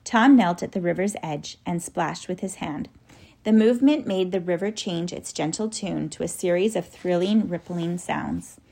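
A woman narrating a children's storybook in a soft, even, descriptive manner. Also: lowish voice, normal speed, vocal fry, slightly rough. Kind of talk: audiobook storytelling.

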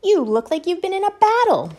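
A woman doing a shrill, scolding storybook mother. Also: huge pitch swings, brisk, full character voice. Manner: sharp, scolding. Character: shrill, exasperated mother, middle-aged woman.

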